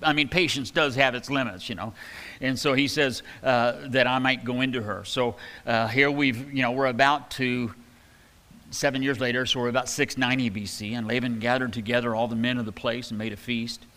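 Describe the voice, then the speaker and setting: A man's voice: mid-range voice, steady tone, a little fast, bright, forceful tone, big-room sound. A man giving a casual, rambling sermon, with many fillers and restarts, reading scripture aloud with emphasis. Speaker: preacher. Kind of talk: conversational sermon.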